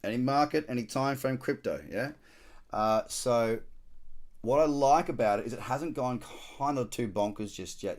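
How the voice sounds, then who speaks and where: An Australian man hosting a live trading stream, talking casually and slangily as he walks through charts and cracks dad jokes. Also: on the low side. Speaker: trader hosting a live market scan.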